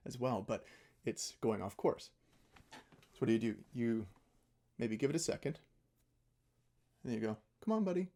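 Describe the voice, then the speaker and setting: A male music teacher giving a relaxed, conversational spoken lesson, often checking in with "right?". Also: mid-range voice, vocal fry. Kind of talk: casual spoken lesson on mindful practice.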